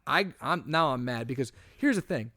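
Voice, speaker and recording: A young adult man co-hosting a podcast, telling a travel story in casual chat and growing animated and exasperated as it goes. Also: moderate pace, no echo, studio quality. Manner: animated storytelling, gets louder and higher when exasperated. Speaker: podcast co-host.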